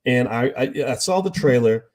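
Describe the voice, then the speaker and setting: A man's voice: mid-range voice, lively intonation, moderate pace, a little mellow. A man hosting a live stream, talking emphatically to his chat audience and firing off rhetorical questions.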